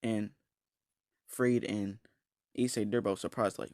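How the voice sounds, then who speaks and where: Gravelly low-voiced man rambling a story. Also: steady tone, unhurried, pauses often, darkish tone, dry recording, studio quality. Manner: rambling, slangy, with restarts and swearing. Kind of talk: casual fan-story narration.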